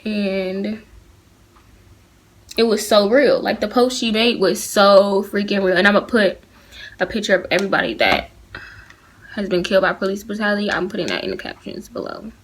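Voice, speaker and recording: A woman's voice: medium pitch, expressive, moderate pace, long pauses, slight background noise. A teenage girl with a lilt, talking straight into her phone camera for a casual opinion vlog. Her delivery is earnest and heated, and it stays direct and personal as she addresses her viewers. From Atlanta, United States. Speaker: vlogger.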